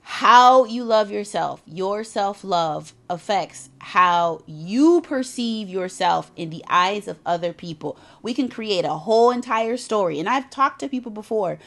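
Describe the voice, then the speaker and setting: Speaking at a normal speed with few pauses, a woman whose voice sits in the middle range gives an emphatic, conversational talk on loving yourself. She repeats things to drive them home, adds offhand asides, and performs retold quotes in animated character voices.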